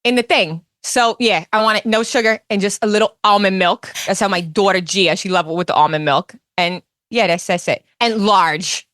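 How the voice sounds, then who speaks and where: A woman putting on a brash, excitable middle-aged woman with a New Jersey accent, talking in a nasal, rambling way with drawn-out pauses. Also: medium pitch, dry recording, clean studio sound, close to an everyday voice. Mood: rambling chatty.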